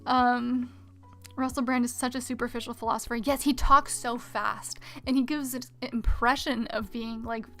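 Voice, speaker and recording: A woman streaming her drawing, chatting casually with viewers and muttering quietly to herself as she works at a mic with a pop filter. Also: a little high, fairly even intonation, moderate pace, soft background music. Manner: chatty, reads chat aloud, mutters quietly to herself while working. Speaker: art streamer. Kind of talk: casual live-stream chat while drawing. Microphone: desk mic with pop filter.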